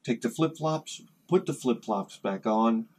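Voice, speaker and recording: Unhurried, with a husky mid-range voice, the retro game channel host rambles through a story in a laid-back vlog. He's an animated storyteller, suddenly bursting into both roles of the conversations he recounts.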